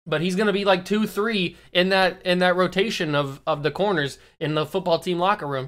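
A man in his early twenties, a YouTube host giving a casual sports commentary monologue, animated and teasing, slowing down to stress key words. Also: sits high. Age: early 20s.

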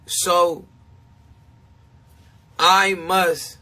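A man's voice: high-pitched, little pitch movement, very slow, pushed and bright. A man streaming live to his supporters in a casual, emphatic, confessional way. He repeats his points and laughs often between them. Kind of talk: casual livestream chat.

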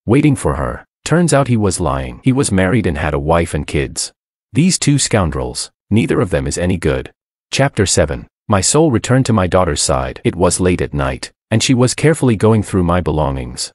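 Deep-voiced male story narrator. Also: big pitch swings, normal speed, a little mellow, no room sound, studio quality. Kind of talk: scripted first-person story narration.

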